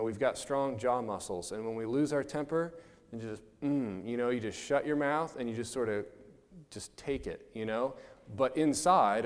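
A man preaching a sermon in a conversational way, acting out the voices of the people he quotes. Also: medium pitch. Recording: long hall reverb.

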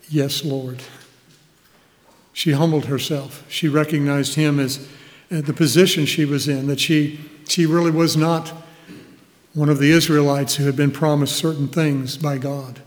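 A man preaching a sermon, reading scripture verses aloud and explaining them with an easy, chuckling manner. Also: a little high. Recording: hall reverb.

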